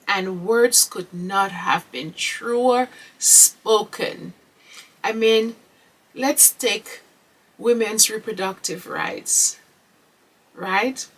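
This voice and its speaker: A woman hosts a podcast on her own, speaking slowly and earnestly. Her voice is husky and she sits a little back from the mic. She presses her points with rhetorical questions and "okay?" asides. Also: mid-range voice, a bit bright, recorded from a distance, low-quality recording. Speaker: podcast host. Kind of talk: solo podcast commentary.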